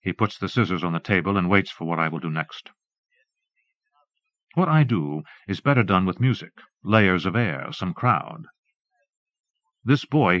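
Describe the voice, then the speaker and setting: Low-voiced man reading an audiobook. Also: a bit bright, no room sound. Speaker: audiobook narrator. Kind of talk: scripted narration. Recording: dull dry tape recording.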